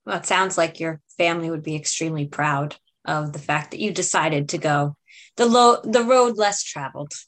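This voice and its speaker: A woman's voice: low-pitched, moderate pace, fairly bright tone. A woman hosting an interview podcast, thanking her guest effusively and closing the episode. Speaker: podcast host.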